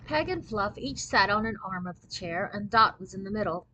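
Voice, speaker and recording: A woman reading a children's book aloud in clear, steady storybook narration. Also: mid-range voice, a little fast, low-quality recording.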